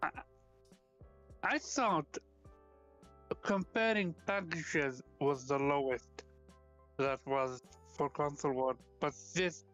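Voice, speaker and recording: A man calling in to a podcast on his phone, speaking in a hesitant, halting way. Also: on the high side, a bit bright, soft background music. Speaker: call-in guest. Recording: dull phone audio.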